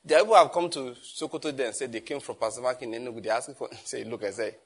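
A man preaching a sermon as pastor, animated and emphatic, often firing rhetorical questions. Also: mid-range voice, fast, breathy edge.

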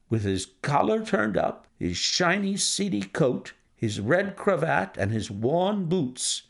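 A man narrating a classic detective story in steady, scripted storytelling. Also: mid-range voice, gravelly. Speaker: audiobook narrator.

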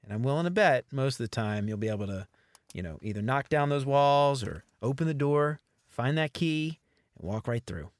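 A man's voice: medium pitch, lively intonation, normal speed, dry recording, studio quality. A man co-hosting a casual podcast, talking in a laid-back, playful, chatty way. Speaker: podcast co-host.

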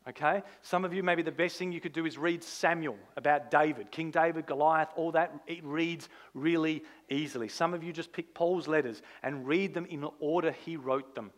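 A man, a pastor, preaching a sermon in an animated, conversational way, full of rhetorical questions. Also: fairly high pitch, normal speed, hardly any pauses.

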